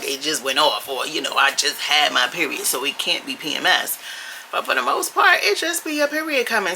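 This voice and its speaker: A woman's voice: low voice, bright, forceful tone, a little hiss or hum, poor audio. A woman talking casually to her camera as a vlogger, chatty, blunt and sassy. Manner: chatty, blunt and sassy, with frequent laughs and mild swearing.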